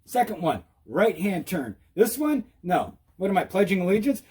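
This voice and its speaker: A man giving an animated, repetitive how-to talk while riding outdoors, out of breath. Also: high voice, moderate pace, hardly any pauses, slight background noise. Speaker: e-bike vlogger. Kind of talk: casual instructional talk.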